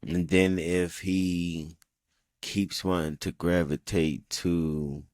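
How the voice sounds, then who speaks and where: A man's voice: deep voice, little pitch movement, slow, darkish tone, no room sound, clean studio sound. A man co-hosting a podcast in casual debate, blunt and profane, often stammering as he restarts. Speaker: podcast co-host.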